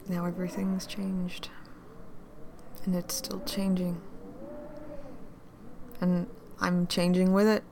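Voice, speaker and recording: A drunk, grieving woman, played by an actress in an audio drama, talking slowly in a low, gravelly voice that cracks into fry. She is bitter and lost. Her voice drops to whispers and then rises into louder outbursts. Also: fairly even intonation, background noise. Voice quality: drunken, swings between whispering and raised voice.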